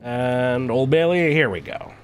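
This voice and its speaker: A man's voice: mid-range voice, unhurried, a little hiss or hum. A man streaming a game, chatting loosely and swearing freely as he plays. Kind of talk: casual game commentary.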